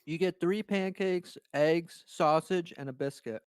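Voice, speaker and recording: Relaxed offhand man, dry close sound. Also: fairly high pitch, measured pace, clean tone, no room sound. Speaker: voice chat participant. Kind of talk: casual group chat.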